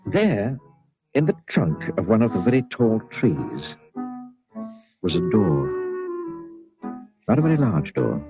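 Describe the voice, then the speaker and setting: A man narrating a children's storybook with expressive, drawn-out emphasis. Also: on the low side. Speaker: audiobook narrator. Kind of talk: storybook reading. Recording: muffled recording with soft music.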